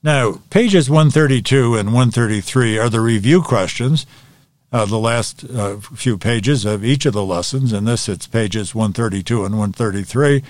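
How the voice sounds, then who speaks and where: A man teaching a Bible study lesson, working methodically through review questions and answers in a measured way. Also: medium pitch, darkish tone.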